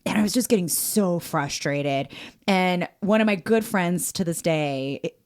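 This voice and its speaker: A woman's voice: on the low side, unhurried, darkish tone. A woman psychologist chatting casually on a podcast, telling stories with frequent laughs and restarts. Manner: storytelling, laughs often, restarts. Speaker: psychologist guest.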